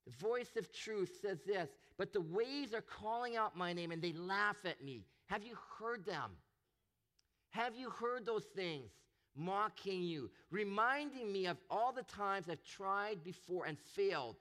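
A man preaching a sermon, animated and expressive, acting out the voices he quotes. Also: sits high, a little slow. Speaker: pastor.

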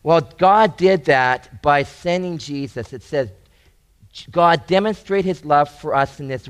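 A male pastor preaching a sermon in an earnest way, often repeating and restarting phrases and rising for emphasis. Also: fairly high pitch.

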